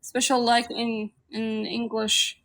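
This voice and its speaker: A woman whose first language is Arabic answers questions in a relaxed interview, her voice sitting a little high. She speaks English with hesitation and leans heavily on small filler words as she searches for her phrasing. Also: unhurried, noisy background. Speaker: interview guest. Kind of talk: casual interview chat.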